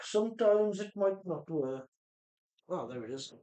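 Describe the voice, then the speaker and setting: A man's voice: high-pitched, lively intonation, unhurried, dark tone. A man with a mixed English Midlands and Welsh accent, hosting a casual live stream and chatting through viewer comments as he works. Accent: mix of English Midlands and Welsh. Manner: chatty, reads viewer comments aloud while rebuilding an RC car. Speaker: livestream host.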